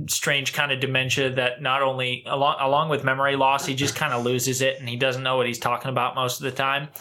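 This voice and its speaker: A man on a casual podcast, telling a family story with lively acted-out voices. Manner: animated storyteller, acts out voices with big pitch jumps. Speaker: podcast co-host.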